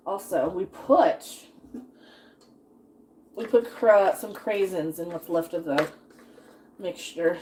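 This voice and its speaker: A woman's voice: medium pitch, dark tone, slight background noise. A woman in her thirties chatting casually while cooking on a live stream, rambling and laughing often as she reads chat.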